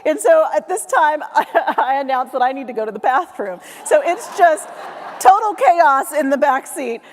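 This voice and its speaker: A woman tells a motivational story to a live audience, acting out the voices of her family along the way. Her voice sits high and bright. It rings out with a long reverb through a large hall. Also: animated, moderate pace, slight background noise. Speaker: keynote speaker.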